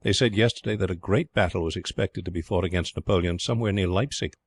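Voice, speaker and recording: A man voicing a gentle worried mother. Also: low-pitched, fast. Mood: calm.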